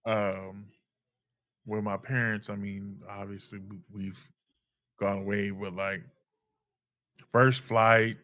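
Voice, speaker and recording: A man's voice: fairly low pitch, little pitch movement, slow pace, long pauses, pushed and bright, dry recording, studio quality. A man in his forties telling stories in an easygoing, casual way as a podcast co-host, calling his friend bro. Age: 40s. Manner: easygoing storyteller, calls friend bro and dog. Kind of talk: casual chat.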